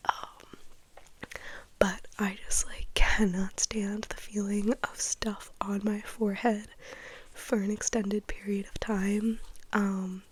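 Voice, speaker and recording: Young woman whispering asmr chat, stuffed up from a cold, husky breathy voice, slow, giggly. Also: medium pitch, a little mellow, no room sound. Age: young adult. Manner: rambling, giggly, self-deprecating. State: congested from a cold. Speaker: ASMR creator.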